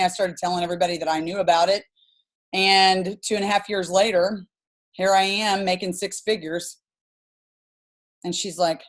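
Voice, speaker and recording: A woman's voice: medium pitch, fairly even intonation, moderate pace. Woman in her forties, enthusiastic, chatty, rambling, video call host. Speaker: host of a business team call. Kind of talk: casual storytelling on a video call.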